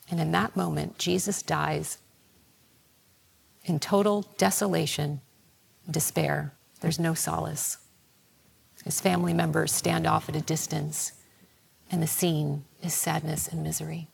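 A woman preaching a sermon in a slow, reflective, prayerful way, her voice sinking toward a whisper. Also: lowish voice, steady tone, gravelly, slightly rough.

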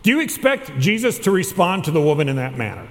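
Animated preaching man in a reverberant hall. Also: fairly high pitch, fast talker. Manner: questioning the congregation, animated. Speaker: chaplain preaching. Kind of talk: sermon.

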